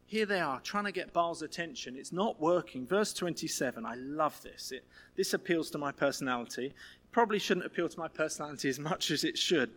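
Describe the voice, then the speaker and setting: A man preaching a sermon in a lively, humorous, conversational way. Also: fairly high pitch.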